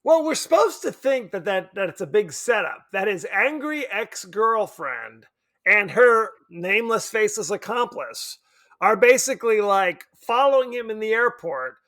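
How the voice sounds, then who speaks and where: A man from Palm Springs co-hosting a podcast, chatting casually about a horror film, animated and quick to laugh. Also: high voice. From Palm Springs, California. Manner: animated, laughs often, acts out quotes. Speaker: podcast co-host.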